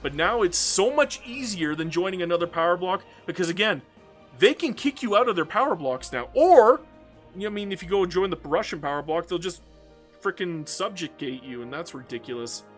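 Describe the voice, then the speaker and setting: Canadian guy ranting over his strategy game, high pitched, swears a lot, faint music behind. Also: expressive, moderate pace, fairly bright tone. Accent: Canadian English. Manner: ranting, swears freely, repeats words. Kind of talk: casual gameplay commentary.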